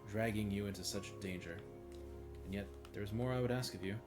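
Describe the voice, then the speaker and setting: A man's voice: on the low side, fairly quick, over music, close to an everyday voice. A man reading the lines of a remorseful older male bard in formal, old-fashioned speech. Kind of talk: reading game dialogue aloud.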